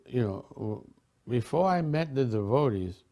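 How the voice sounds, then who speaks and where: An older man from a Caribbean island telling personal memories in a relaxed, chatty way, laughing often and restarting his sentences. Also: mid-range voice, a little slow, gravelly. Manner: warm storytelling with frequent laughs and restarts. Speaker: devotee sharing memories. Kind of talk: casual reminiscence.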